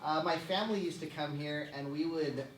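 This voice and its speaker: A young man giving a relaxed parish talk, full of humorous family anecdotes and frequent laughter. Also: a little high, brisk. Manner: chatty, self-deprecating, laughing often. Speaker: guest speaker at a parish event. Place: church hall. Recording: echoey room, distant mic, background noise.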